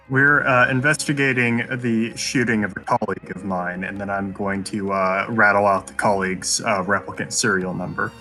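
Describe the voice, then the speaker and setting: Bright-voiced man, halting and formal. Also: fairly low pitch. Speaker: player.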